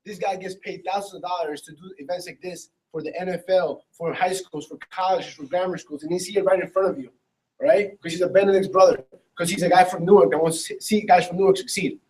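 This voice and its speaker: A man organizing a training session, briskly introducing speakers and directing the group. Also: high voice, steady tone, darkish tone, rough recording. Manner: brisk, directing people around.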